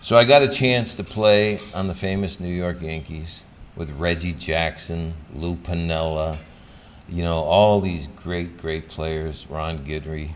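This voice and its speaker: Older guy, ex-athlete, motivational talk with stories, animated, gets loud acting stuff out. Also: low-pitched, measured pace, a little hiss or hum. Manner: animated storyteller who acts out scenes, loud when excited. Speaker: former pro athlete giving a motivational talk. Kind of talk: motivational speech with personal stories.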